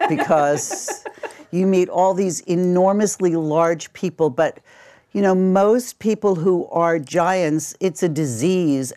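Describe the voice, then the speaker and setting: A woman's voice: sits low, warm tone. An older woman, a casting director, chatting through anecdotes in an interview and acting out bits of dialogue. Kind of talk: interview storytelling.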